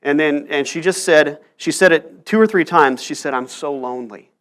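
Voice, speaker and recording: A man's voice: on the high side, normal speed, fairly bright tone. A male pastor preaching a sermon in church, telling stories earnestly and pressing rhetorical questions. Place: church sanctuary.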